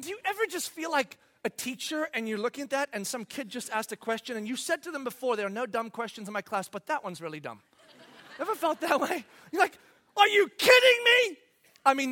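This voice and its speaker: Animated high-voiced male preacher. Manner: animated, swings from loud bursts to quiet asides, acts out quotes. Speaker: pastor. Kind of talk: sermon.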